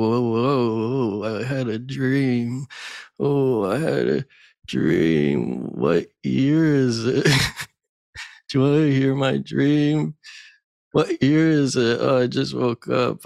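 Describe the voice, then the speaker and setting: A man's voice: medium pitch, vocal fry, darkish tone, no room sound, clean studio sound. A man doing a groggy just-woken guy. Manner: moaning, slow and dazed.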